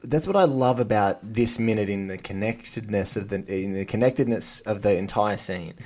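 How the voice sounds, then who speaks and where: A man's voice: on the low side, moderate pace, darkish tone. A man hosting a podcast, talking through a film scene with enthusiasm in casual chat and quoting its dialogue. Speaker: podcast host.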